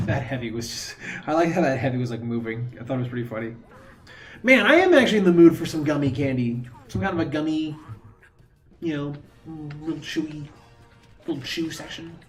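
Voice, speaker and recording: A man's voice: on the high side, expressive, fairly quick, soft background music. A man chatting casually while streaming a game, rambling between thoughts and throwing in mocking asides. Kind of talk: casual gaming stream chat.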